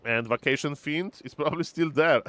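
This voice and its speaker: A man casting a strategy video game match, excitable and fond of repeating catchphrases to his audience. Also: fairly high pitch, normal speed, no room sound. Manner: excitable, repeats catchphrases, addresses "ladies and gentlemen". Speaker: game caster. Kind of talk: excited esports commentary.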